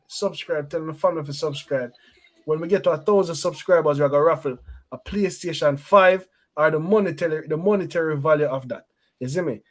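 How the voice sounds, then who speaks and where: A man hosting a football fan stream, chatting in patois with shout-outs and laughing banter. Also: on the high side. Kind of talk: casual chat.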